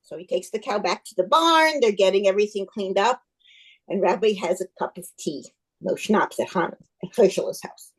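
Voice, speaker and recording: A woman giving a club speech as an expressive folk tale, told with animation. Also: mid-range voice, moderate pace, husky, poor audio. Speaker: club speaker.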